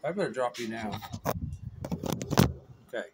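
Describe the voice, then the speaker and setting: Filming on his phone camera in a windy neighborhood yard, a man does yard work while rambling and laughing with his viewers. His mid-range voice is animated and a little slow, with heavy background noise.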